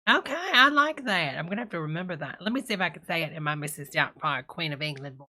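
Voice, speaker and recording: Brief: woman host, sassy reaction comedian, bright edge, endearments everywhere. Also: deep voice, expressive, fast talker, hardly any pauses. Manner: sassy, calls everyone honey. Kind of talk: comic reaction commentary.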